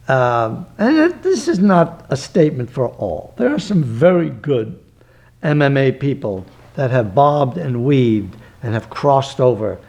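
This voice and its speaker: An older man, a martial arts grandmaster, talking emphatically and digressively in an interview, with breathy gasps between phrases. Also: mid-range voice, a little mellow. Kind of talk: reflective interview talk.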